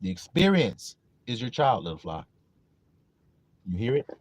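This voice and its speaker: With big swings in pitch around a medium range, a man preaches a little slowly on a livestream, with no echo in the audio. He's emphatic, repeats questions to his listeners about whether they understand, and greets chat viewers.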